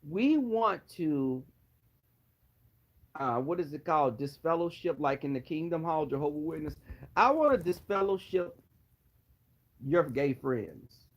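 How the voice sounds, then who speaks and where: A man's voice: on the high side, poor audio. A man vlogger roasting someone in a sassy, dramatic way. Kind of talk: sassy commentary.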